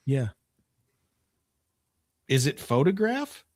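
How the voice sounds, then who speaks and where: A man's voice: medium pitch, sing-song, extremely slow, a little mellow, no echo, studio quality. A man co-hosting a radio show, easygoing in casual chat and humming guitar riffs.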